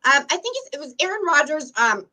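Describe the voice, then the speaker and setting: Woman, high voice, bright tone, bubbly casual podcast chat. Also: sing-song, fast. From Ohio, USA. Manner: bubbly, laughs often. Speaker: podcast host.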